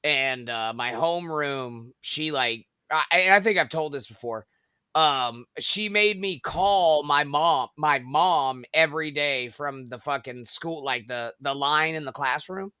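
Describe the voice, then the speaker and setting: A man's voice: fairly high pitch, a little slow, clean tone, no echo, clean studio sound. Brash swearing man telling stories. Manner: profane storytelling, loud bursts. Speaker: podcast co-host. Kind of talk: casual chat.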